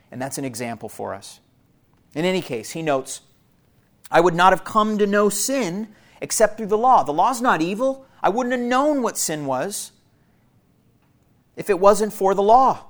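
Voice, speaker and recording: A man preaching an expository sermon, earnest and emphatic, posing rhetorical questions to his church. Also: on the high side. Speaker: pastor.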